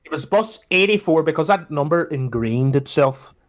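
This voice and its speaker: A Scottish man tells a travel story on a casual podcast. His delivery is animated and full of restarts, and he swears freely. He keeps coming back to "let me tell you something" to build up to each punchline. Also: on the high side, normal speed. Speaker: podcast co-host.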